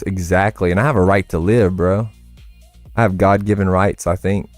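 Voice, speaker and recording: A young American man talks loosely through a livestream, rambling from one story to the next and tossing in "bro" and swear words. His voice sits low and deep, close and dry on the mic, with faint game music behind him. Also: fairly even intonation, normal speed, no echo. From United States. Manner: rambling, profane, says "bro" a lot. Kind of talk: casual chat while gaming.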